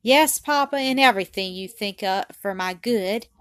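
A woman's voice: mid-range voice, moderate pace, a bit bright, clean tone, dry recording, clean studio sound, close to an everyday voice. Woman doing an eager, obedient little girl. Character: meek, devoted little Victorian girl.

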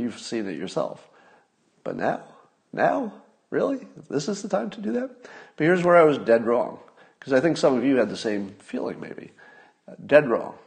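A man's voice: lowish voice, darkish tone. A man hosting a solo podcast, talking casually in a wry manner, with asides and restarts. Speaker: podcast host.

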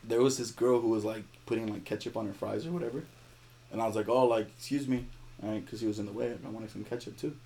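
A young man, a podcast guest, telling a story in casual chat, animated and laughing as he acts out the people in it. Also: on the low side, fast.

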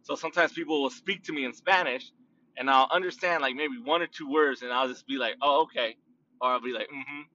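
A man hosting his own podcast, musing aloud in a loose, rambling monologue full of fillers, restarts and long drawn-out words. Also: medium pitch, pushed and bright, far from the mic, highs cut off. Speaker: podcast host.

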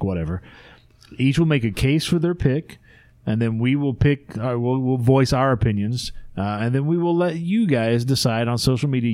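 A man's voice: medium pitch, a little mellow, dry recording, clean studio sound. A man hosting a casual podcast chat, explaining a segment and laughing often with his co-hosts. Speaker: podcast host.

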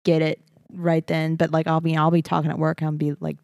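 Woman from Texas, casual chat, rapid and animated; gravelly, low register. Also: dry recording, studio quality. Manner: fast-talking, animated, many fillers.

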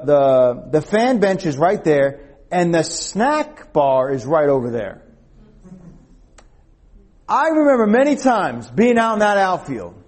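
A man with a fairly high, husky voice preaches to young people like a storyteller. He keeps stopping to ask "okay?" and "all right?", and he acts out the lines he quotes as he tells the story. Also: a little mellow. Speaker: youth preacher. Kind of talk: sermon with storytelling.

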